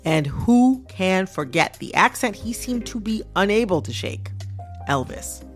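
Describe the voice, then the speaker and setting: A woman hosts a radio show, her voice swinging widely in pitch as she leans into each point with playful indignation. She sounds close to a studio mic, with faint music underneath. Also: measured pace. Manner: lively, emphatic, playfully indignant. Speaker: podcast host. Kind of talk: scripted radio narration and interview. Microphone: studio microphone.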